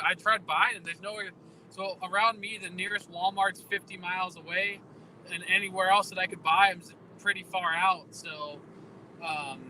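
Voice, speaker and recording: A man chatting casually on a comics livestream, rambling and halting with many restarts. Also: sits high, noisy background. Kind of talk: casual chat.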